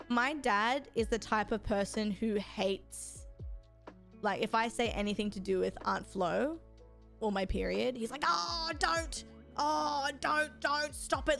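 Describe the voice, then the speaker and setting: A young woman, chatting casually with her chat while gaming, rambling and swearing freely. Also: fairly high pitch. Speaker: streamer.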